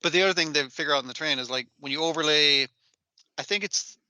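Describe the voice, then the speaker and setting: A man with a bright, forceful, cutting voice, chatting casually as a podcast co-host. He talks with animation and swears freely. The sound is close and dry, with no room around it. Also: fairly high pitch, quick pace, clean tone, no room sound. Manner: animated, swears often, acts out scenes in quoted voices. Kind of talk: casual chat.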